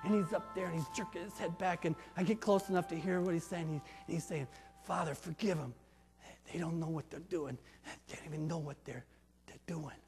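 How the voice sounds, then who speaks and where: In a sermon, a pastor performs a first-person dramatic monologue as a tough, streetwise former criminal, speaking in coarse slang and lurching between booming outbursts and near whispers with impassioned, lightly acted delivery. His voice is high for a man, fairly even in intonation, and fast with few pauses. It echoes long through a church sanctuary over faint music.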